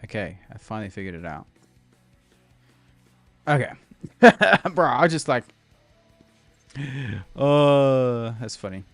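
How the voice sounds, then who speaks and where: Mid-range in pitch but swinging widely, his voice moves slowly with long pauses in a dry recording. The young Australian streamer rambles casually, laughs and names viewers, with soft background music.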